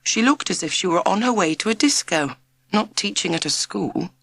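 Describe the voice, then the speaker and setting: A woman reading a children's storybook aloud in an expressive, measured narration. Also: on the low side, vocal fry, no room sound. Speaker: audiobook narrator.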